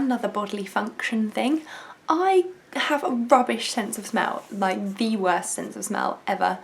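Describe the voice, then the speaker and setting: A woman's voice: mid-range voice, moderate pace, creaky, a little hiss or hum. A young woman vlogger chatting to camera, self-mocking and laughing often. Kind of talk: casual chat to camera.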